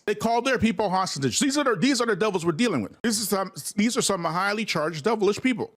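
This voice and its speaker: A man with a fairly high voice that swings widely up and down hosts a livestream commentary. His delivery is preachy, repeating phrases and calling his viewers family. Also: fairly bright tone. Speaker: host.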